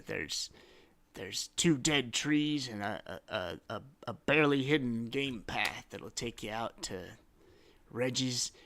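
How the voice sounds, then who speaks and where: A man's voice: mid-range voice, gravelly, sharp tone. A man narrating as game master in a casual, rambling way. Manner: casual, rambling, filler-heavy.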